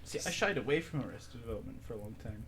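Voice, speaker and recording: A man chatting on a casual podcast, hesitant, halting with fillers and quick to laugh. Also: medium pitch, lively intonation, a bit bright, slight background noise. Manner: hesitant, many fillers and restarts, laughs easily.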